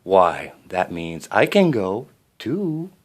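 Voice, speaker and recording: Man playing a hopeful young storybook heroine, high and lilting. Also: sing-song, moderate pace, lightly acted. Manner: eager and hopeful. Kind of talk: storybook character voice.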